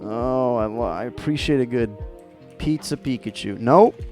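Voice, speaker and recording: A man's voice: medium pitch, normal speed, mellow, faint music behind. A man hosting a livestream, chatting casually and riffing playfully while he draws. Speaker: streamer host.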